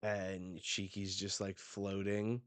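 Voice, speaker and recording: A man's voice: sits low, monotone, slow pace, clear, resonant tone, dry recording. A man hosting a live reaction, casually reading a comic aloud, narrating the panels and laughing often. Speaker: manga reaction host.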